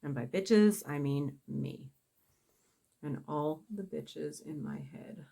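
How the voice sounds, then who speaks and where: A woman's voice: sits low, takes it slowly, vocal fry, warm tone, breathy edge. Foul-mouthed woman doing her makeup. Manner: blunt, profane, self-mocking. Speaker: makeup vlogger. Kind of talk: casual makeup tutorial chat.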